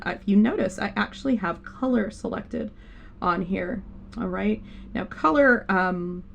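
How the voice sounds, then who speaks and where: A woman's voice: mid-range voice, gravelly, a little mellow. A woman teaching a digital painting class on a livestream, rambling and stopping herself often with fillers. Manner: rambling, self-interrupting, with many fillers. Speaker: art instructor. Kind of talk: live digital painting tutorial.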